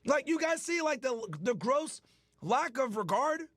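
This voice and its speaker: A man's voice: extremely high pitch, expressive, a little slow, fairly bright tone, no room sound, clean studio sound. A man hosting a stream, delivering a heated, profane rant that mocks the people he talks about. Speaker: streamer host. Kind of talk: angry ranting commentary.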